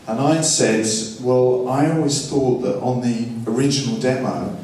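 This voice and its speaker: A record producer shares studio stories in a dry, anecdotal way, acting out what people said as he walks through the studio. His voice is mid-range and a bit dark, with a measured pace and a faint hiss or hum. The distant, roomy mic also picks up music.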